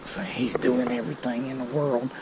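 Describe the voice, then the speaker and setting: A man, giving excited, folksy commentary to viewers while he fishes a creek outdoors. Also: medium pitch, moderate pace, background noise. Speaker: fishing vlogger.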